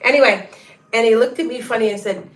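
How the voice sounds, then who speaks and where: A woman's voice: fairly high pitch, fast. Middle-aged woman, tarot reader, loose rambling livestream chat with viewers. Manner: rambling, chatty, many restarts and asides.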